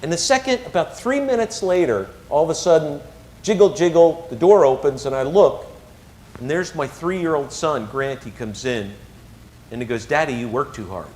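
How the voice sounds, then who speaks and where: A man telling a personal story to an audience, swinging between hushed moments and excited ones. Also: a little high, moderate pace. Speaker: motivational speaker.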